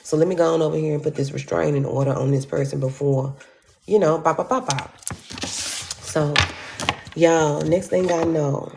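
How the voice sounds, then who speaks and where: A woman telling a story in an animated, profane way, acting out quotes with sudden jumps in pitch. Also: moderate pace, creaky, noisy background. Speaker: storyteller vlogger.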